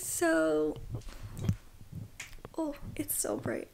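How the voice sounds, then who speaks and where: A woman's voice: fairly high pitch, a little slow, very noisy. A teenage girl in her late teens filming a casual video diary, gushing and close to tears, often dropping into a sleepy whisper. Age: high school senior, about 18. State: sleepy, just woke up. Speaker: vlogger. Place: bedroom, in bed.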